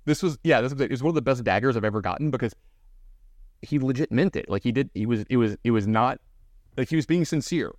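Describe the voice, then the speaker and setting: With a mid-range voice and no echo, a man co-hosting a podcast tells an animated story at a fast clip. The talk is a casual chat packed with fillers and restarts.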